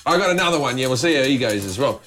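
An Australian man talking loosely in a home kitchen, telling stories full of restarts and crude punchlines. His voice sits at an ordinary pitch for a man. A faint hiss of cooking runs behind him. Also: lively intonation, racing, a bit bright. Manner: rambling storyteller, frequent restarts, crude jokes. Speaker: comedian guest. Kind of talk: casual kitchen chat.

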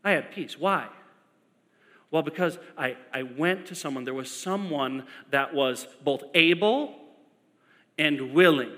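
A male pastor preaching a sermon, telling stories in an animated way and repeating lines for emphasis. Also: a little high, unhurried. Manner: animated storytelling with emphatic repetition. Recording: long echo of a large hall.

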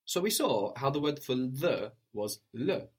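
A man teaching a language lesson, patiently modeling pronunciation slowly and asking a student to repeat. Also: mid-range voice, lively intonation, slightly rough.

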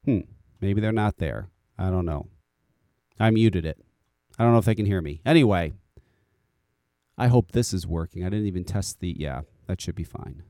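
A man's voice: sits low, normal speed, pauses often, mellow, no echo, studio quality. An American man hosting a podcast, ranting casually with frequent swearing and repeated words. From United States. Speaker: podcast host.

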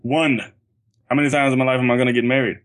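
A man's voice: mid-range voice, little pitch movement, fast, a bit bright. A young man co-hosting a podcast in a laid-back, dry way, laughing easily. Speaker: podcast co-host. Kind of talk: casual podcast chat.

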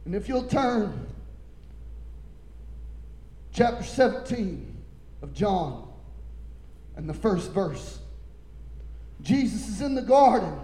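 A man preaching an impassioned sermon, reading scripture slowly and building to shouts. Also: high voice, very animated, reverberant.

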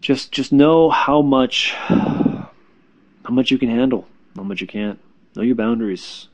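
A spiritual healer with a medium-pitched voice offers casual spiritual advice. He's reassuring but halting, repeating words and using fillers.

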